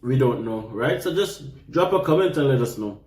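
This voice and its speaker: A man's voice: mid-range voice, lively intonation, normal speed, darkish tone, echoey room. A young man with a Jamaican accent, chatting casually and laughing while he tastes food on camera. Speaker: vlogger. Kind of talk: casual food-tasting chat.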